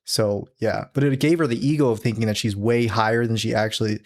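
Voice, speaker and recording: A man co-hosting a casual podcast, holding a mock-serious, deadpan line to needle his co-host. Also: on the low side, fairly quick. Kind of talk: casual chat.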